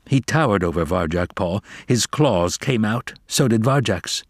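An audiobook reader with a lowish voice narrates a children's novel from a script, measured and expressive like a storyteller. The sound is dry and clean, studio-made.

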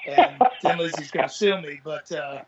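A man's voice: on the high side, normal speed. A man who is a comedian guest, chatting casually and joking at his own expense. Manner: self-mocking, jokey. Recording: dull lo-fi line with faint noise.

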